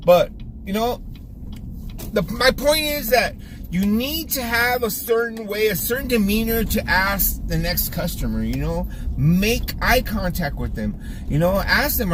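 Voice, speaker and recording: Barbershop owner, male, Californian accent, high voice, chatty coaching vlog with restarts, faint road noise. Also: animated, normal speed, fairly bright tone. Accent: Californian English. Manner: talkative, repeats words, restarts, coaching tone. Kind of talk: casual vlog monologue. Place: driving around town, then in his barbershop.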